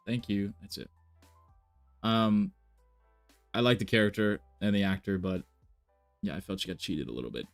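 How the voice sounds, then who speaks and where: Man, low voice, casual live-stream chat, rambling with fillers, faint background music. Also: moderate pace, gravelly, pauses often. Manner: rambling, thinks aloud with many fillers and restarts. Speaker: reaction streamer.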